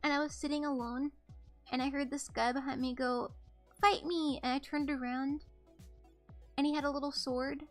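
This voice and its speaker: A woman's voice: high-pitched, little pitch movement, moderate pace, faint music behind. A young woman streaming, chatting casually with her viewers in a rambling, giggly way and apologizing often. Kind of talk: casual live-stream chat.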